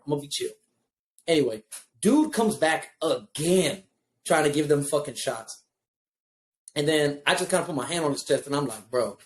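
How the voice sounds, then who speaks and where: A man telling a story in casual podcast chat, profane and animated. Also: a little high, moderate pace. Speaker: podcast co-host.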